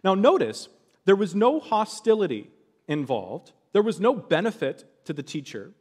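A man's voice: sits high, huge pitch swings, normal speed, darkish tone, breathy edge, long reverb tail. A man preaching a sermon, telling a story with animation and acting out the voices of the people in it.

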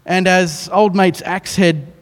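Australian male pastor, sermon, lively storyteller with self-deprecating humour; somewhat higher voice, long reverberant hall. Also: slow. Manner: animated storytelling with self-mocking asides.

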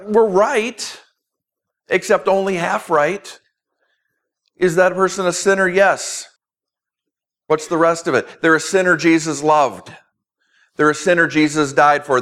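A man's voice: on the high side, fairly bright tone. A man preaching a sermon as pastor, earnest, with emphatic repetition.

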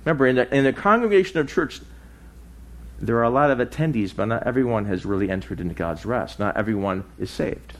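A man preaching a sermon, with lively swings in pitch and loudness, dropping low and soft for emphasis. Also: fast talker. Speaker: pastor.

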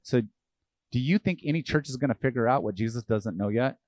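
Animated man preaching a sermon. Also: medium pitch, a little fast, no echo. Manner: animated, acts out quoted voices, asks the audience questions. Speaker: pastor.

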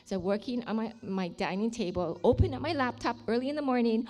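A woman's voice: fairly high pitch, brisk, few pauses, a little mellow. A woman sharing a personal faith testimony with emotion, sometimes dropping to a near-whisper at dramatic moments. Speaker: ministry leader sharing a testimony.

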